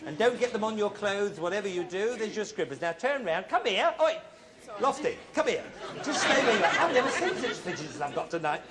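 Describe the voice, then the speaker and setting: High-voiced joking game-show host. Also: male voice, big pitch swings, a crowd in the background. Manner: teasing, quick-witted, punning. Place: television studio before an audience. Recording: noisy studio with loud audience.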